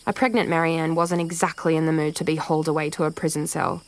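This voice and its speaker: A woman storyteller giving scripted narration for children in a lively, expressive way. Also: sits low, fast, low-quality recording. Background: soft music.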